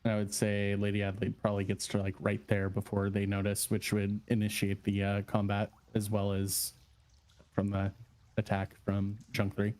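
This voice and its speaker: A man running a tabletop game as dungeon master, relaxed and hesitant, with many fillers. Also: on the low side, normal speed.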